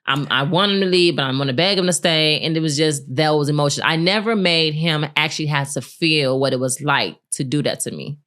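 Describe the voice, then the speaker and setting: A woman with a low voice co-hosts a podcast and tells a personal story in casual chat. She talks candidly and acts out the quotes of the people in it. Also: a little fast, few pauses. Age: adult, married with a son. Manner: candid, animated retelling with laughs and acted-out quotes. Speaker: podcast co-host.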